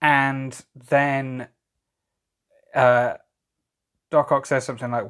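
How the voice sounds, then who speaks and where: A man's voice: mid-range voice, level tone, takes it slowly, pauses often, a bit bright, clear, resonant tone. A young man co-hosting a casual film podcast, talking in a reflective, hedging way. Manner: reflective and hedging, with "I guess" and "sort of". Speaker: podcast co-host.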